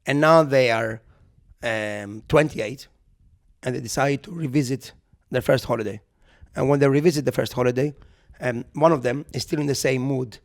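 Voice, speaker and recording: A man co-hosting a podcast, telling a comic story in casual chat, animated and swearing, acting out the people he quotes. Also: medium pitch, moderate pace. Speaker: podcast co-host. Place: podcast recording.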